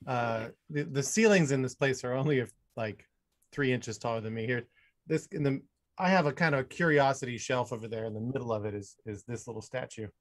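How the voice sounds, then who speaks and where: Man, interview guest, measured and thoughtful, mid-pitched voice, video call from home. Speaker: guest, mentalist and hypnotist. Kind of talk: casual interview chat. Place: home room with low ceilings.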